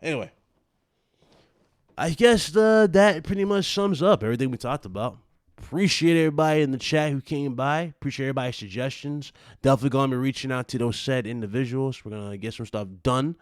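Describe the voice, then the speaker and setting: A man hosting a gaming stream, chatting casually and giving laid-back shout-outs. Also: mid-range voice, fast talker, no echo, clean studio sound. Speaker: stream host.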